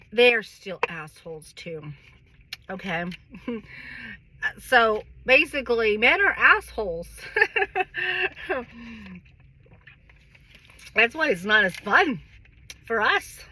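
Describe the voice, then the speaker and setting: A woman's voice: medium pitch, lively intonation, slow pace, long pauses, sharp tone, slight background noise. A middle-aged woman in a candid personal monologue, rambling and swearing often, with frequent sighs. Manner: rambling, heavily profane, sighing and laughing. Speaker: vlogger.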